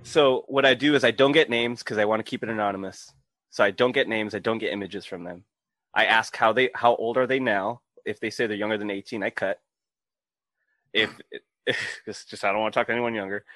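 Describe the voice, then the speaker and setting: A man in his thirties hosts a casual podcast and tells stories in a low, easygoing voice. He swears freely and slips into quick impressions of the people he quotes. The sound is close and dry, with no room around it. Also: fairly bright tone, no room sound. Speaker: podcast host. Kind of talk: casual podcast chat, storytelling.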